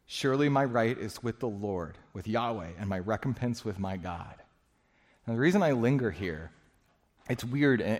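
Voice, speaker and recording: Male pastor, mid-pitch, earnest conversational sermon, recorded with long church-hall reverb. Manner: earnest, conversational preaching with restarts and dramatized quotes.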